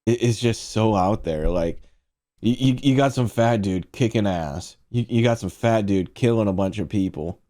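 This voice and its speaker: A man's voice: lowish voice, normal speed, warm tone. A man streaming casual movie reviews, rambling and profane as he talks to his chat.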